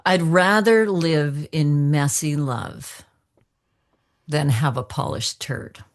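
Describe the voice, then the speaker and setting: A woman voice actor and coach, talking as a podcast guest in a loose, animated way, laughing often and circling back on her thoughts. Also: low-pitched, slow. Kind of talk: casual conversational interview.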